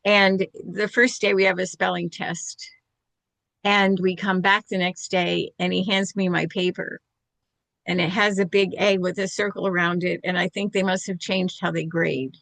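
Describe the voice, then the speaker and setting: An older woman with a lowish, gravelly voice tells a personal story in a candid, self-deprecating way. The sound is close and dry. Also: level tone, normal speed, a bit bright, no echo. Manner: candid, self-deprecating, laughs while telling.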